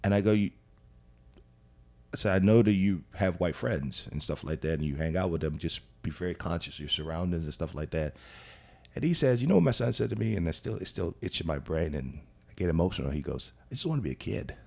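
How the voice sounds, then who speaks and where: A man in his forties, a comedian guest, chatting casually and acting out quotes in animated stories. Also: low-pitched, brisk, creaky. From Nigeria. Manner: animated storytelling with acted-out quotes and profanity. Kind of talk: casual podcast chat.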